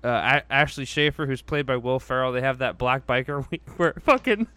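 Man hosting a podcast, crude joking banter, clear bright tone, dry close sound. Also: mid-range voice, fairly quick, no room sound. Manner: crude, laughs often, swears freely. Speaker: podcast host. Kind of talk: casual profane chat.

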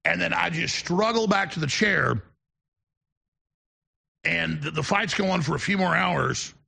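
Male host, bright and forceful, slightly high, rambling storyteller. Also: a little slow, gravelly, breathy edge. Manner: rambling, digressive anecdotes. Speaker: show host. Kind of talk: casual on-air storytelling.

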